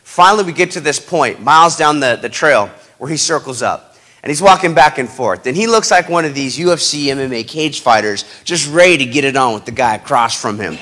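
A man telling a personal story as a motivational speaker, animated and dramatic, building up the tension. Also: mid-range voice, a little fast.

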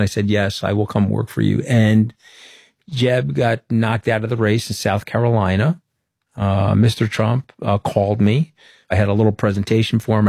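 Low-voiced man telling an animated story. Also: dry recording, studio quality. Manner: animated storyteller, acts out quoted dialogue. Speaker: interview guest. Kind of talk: conversational interview storytelling.

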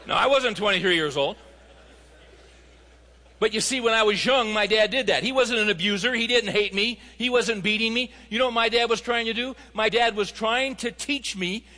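A man delivers a sermon in a high, bright voice. He moves through stories and scripture, building to emphatic points. The sound carries a long hall reverb. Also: normal speed. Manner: storytelling, rising to emphatic appeals. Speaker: pastor.

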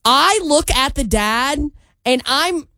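A woman's voice: sits high, expressive, slow pace, sharp tone, no echo. A young woman in her twenties, co-hosting a morning radio show and telling a story in a chatty way with fillers and giggles. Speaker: radio co-host. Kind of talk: casual morning radio chat. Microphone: studio microphone.

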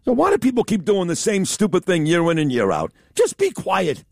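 A man's voice: high-pitched, huge pitch swings, fairly quick, gravelly, darkish tone, no echo, studio quality. A man hosting a radio talk show, talking in a blunt, emphatic, rambling way. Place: radio studio. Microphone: studio mic.

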